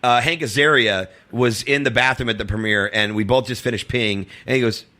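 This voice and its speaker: A man guesting on a talk show, telling a long rambling story, full of fillers and acting out quotes in a higher voice. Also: a little fast, pushed and bright. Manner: rambling, filler-heavy, acts out quotes in a high voice. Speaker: comedian guest. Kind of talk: casual storytelling chat.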